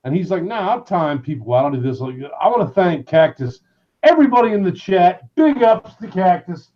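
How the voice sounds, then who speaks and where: Man, high lively voice, swearing, shouting names, dull lo-fi stream audio. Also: a little fast. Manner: loud, excitable, swears constantly, shouts names. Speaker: livestream host. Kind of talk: profane casual livestream rant.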